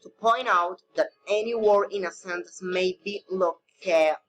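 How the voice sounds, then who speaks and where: A man teaching a recorded English pronunciation lesson, reading slowly with non-native phrasing. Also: sits high, a bit bright, rough recording.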